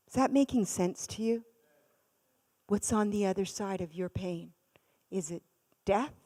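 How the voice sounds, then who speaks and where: Middle-aged woman preaching, big dramatic story voice going loud then quiet, long echoey church hall sound. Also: lowish voice. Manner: dramatic, swings from loud to hushed. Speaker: guest speaker. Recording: long reverb of a large hall.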